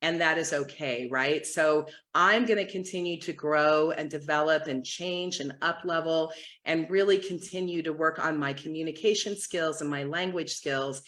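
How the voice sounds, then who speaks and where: A woman's voice: low voice, moderate pace. A woman in her fifties from the United States, a coach telling a funny story on a livestream with giggles, a lot of "like" and "right?". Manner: giggly and animated, lots of "like" and "right?".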